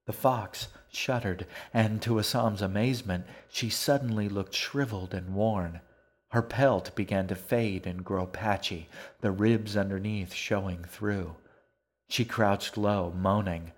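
A man narrating a dark fantasy audiobook in a measured, even manner. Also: fairly low pitch. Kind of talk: scripted narration.

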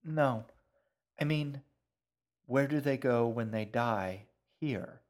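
A man's voice: medium pitch, darkish tone, close to an everyday voice. A man putting on a curious, puzzled young girl. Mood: wondering. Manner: questioning, slow and wondering.

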